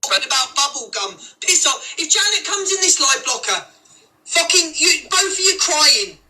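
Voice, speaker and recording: A man's voice: very high voice, sing-song, normal speed, sharp tone, rough recording. A man ranting angrily on a livestream, swearing often and repeating himself. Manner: angry, sweary, repetitive. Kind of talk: heated livestream rant.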